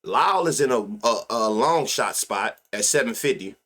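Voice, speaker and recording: Speaking at normal speed with lively intonation, this American sports-betting show host has a medium-pitched, fairly bright voice. On his live stream he talks casually with heavy slang and profanity, laughs often, and mumbles stats to himself.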